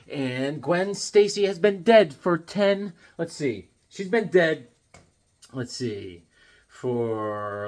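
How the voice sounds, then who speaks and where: Showing his comics in a light, joking vlog, a man in his fifties acts out voices and breaks into sudden loud outbursts. His voice is on the high side.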